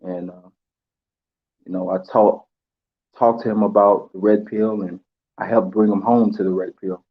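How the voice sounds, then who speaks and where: A man giving an emotional tribute, halting with pauses and fillers as he holds back tears. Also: lowish voice, fairly even intonation, muffled recording. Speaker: channel host.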